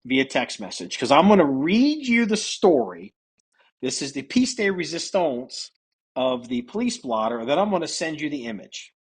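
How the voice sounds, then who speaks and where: A man's voice: a little high, breathy edge. A man hosting a casual podcast, reading odd news stories aloud and laughing and joking about them. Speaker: podcast host.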